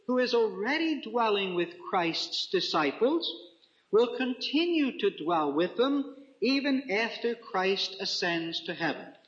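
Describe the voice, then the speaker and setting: A man preaching a Bible teaching sermon, reading scripture slowly and deliberately with careful emphasis. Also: sits high, fairly bright tone. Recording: echoey room, dull lo-fi sound.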